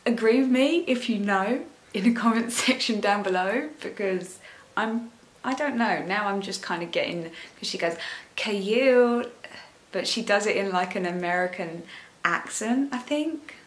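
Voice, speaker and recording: A woman's voice: mid-range voice, normal speed. A young woman doing a casual makeup tutorial, chatting in a rambling way and gushing over the products. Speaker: beauty vlogger. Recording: echoey room.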